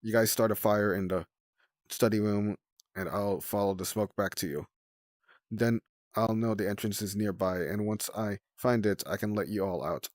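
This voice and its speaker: A man voicing an earnest, eager young male mud dragonet in a storybook, read in a steady way. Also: lowish voice, normal speed, no room sound, studio quality, natural voice.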